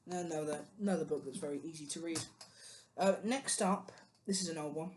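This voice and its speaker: British book vlogger, mid-pitched, chatty and meandering, faint noise behind. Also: brisk, a little mellow. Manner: rambling, many ums and restarts, chatty. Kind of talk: casual book haul chat.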